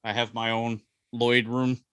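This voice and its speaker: A man's voice: medium pitch, level tone, a little slow, fairly bright tone, smooth, no echo. Rambling man in his forties. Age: 40s. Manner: rambling, jokey, many ums and uhs. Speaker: podcast co-host. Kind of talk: casual movie review chat.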